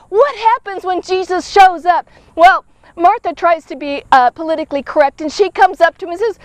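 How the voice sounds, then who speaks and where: A woman with a very high voice gives a casual devotional Bible teaching. She talks like she is chatting with friends, checks in with her listeners often and acts out the people in the story with drama. The sound is dry and close. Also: no echo. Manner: conversational, checks in often with "okay?" and "all right?".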